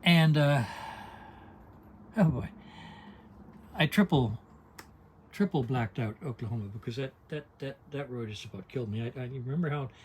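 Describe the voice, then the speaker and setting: A man's voice: medium pitch, lively intonation, moderate pace, long pauses, darkish tone, a little hiss or hum. An older man talking casually to his camera inside an RV, folksy and digressive, with wry asides and frequent restarts. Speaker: vlogger on an RV trip. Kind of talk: casual rambling vlog. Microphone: handheld camera.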